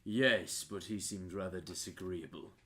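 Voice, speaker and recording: A man plays a priest in a tabletop game, his speech formal and stiff with pious conviction. His voice sits low, with a bright, forceful edge, and a faint hiss of noise runs under it. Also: a little slow. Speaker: player voicing a priest character. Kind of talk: in-character tabletop role-play.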